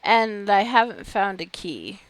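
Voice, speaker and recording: A woman giving casual, wry commentary while playing a game, chatty and quick to laugh. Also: medium pitch, sing-song, no room sound. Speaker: game streamer. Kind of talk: casual let's-play commentary.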